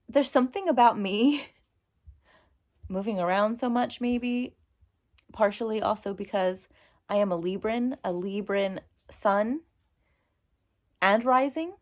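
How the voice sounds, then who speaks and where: Speaking slowly and pausing often, a New Jersey-accented American woman in her forties vlogs in a relaxed, chatty way, laughing frequently. Her voice sits at a medium pitch with a darkish tone.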